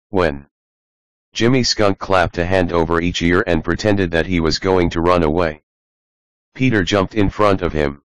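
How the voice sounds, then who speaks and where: A man calmly narrating a children's storybook audiobook. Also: deep voice, moderate pace, clean tone, no room sound.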